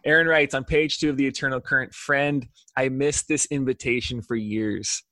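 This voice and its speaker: A man's voice: medium pitch, fairly even intonation, moderate pace, sharp tone, no room sound. A middle-aged man hosting a podcast interview, reflective and affirming as he asks questions. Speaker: podcast host. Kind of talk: casual interview.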